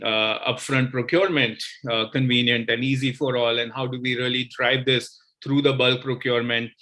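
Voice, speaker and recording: Bright-voiced man giving closing remarks. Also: medium pitch, flat delivery, moderate pace. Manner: hesitant, many fillers and repeats. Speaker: conference speaker.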